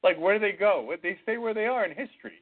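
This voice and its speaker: A man's voice: high-pitched, fast talker. A man co-hosting a casual political talk show, making wry points and laughing as he talks. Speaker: podcast co-host. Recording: tinny phone-like sound.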